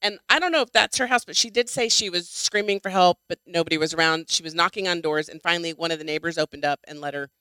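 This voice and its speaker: Middle-aged woman, chatty co-host, smooth bright tone, close dry mic. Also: fairly low pitch, fast, hardly any pauses, no room sound. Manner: chatty, swears freely, many ums. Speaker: podcast co-host. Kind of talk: casual chat.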